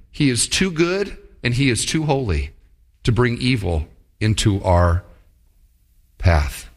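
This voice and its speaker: A man with a medium-pitched, slightly bright voice preaches a sermon as a church pastor during a church service. His style is conversational, putting rhetorical questions to the congregation and building toward emphatic points.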